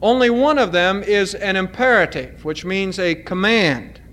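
A man preaching a sermon as pastor of his church, explaining scripture in an earnest, deliberate way with careful emphasis. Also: high voice, expressive, a bit bright.

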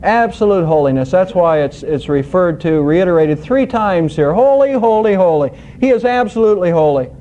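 High-voiced preacher teaching scripture. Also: male voice, moderate pace, hardly any pauses, dull audio. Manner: expressive storyteller, emphatic. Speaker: pastor. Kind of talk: sermon.

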